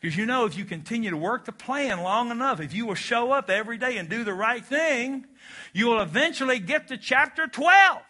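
A man's voice: very high-pitched, expressive, fairly quick, bright, forceful tone. A man preaching a sermon with emphatic, repeated phrases and call-and-response, ending by leading a prayer. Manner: leads a closing prayer. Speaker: pastor.

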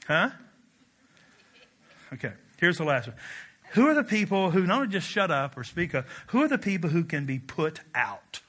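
Animated pastor from Kentucky, bright voice. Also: male voice, on the high side, moderate pace, long pauses. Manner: animated storytelling with laughs and shouted quotes. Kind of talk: sermon.

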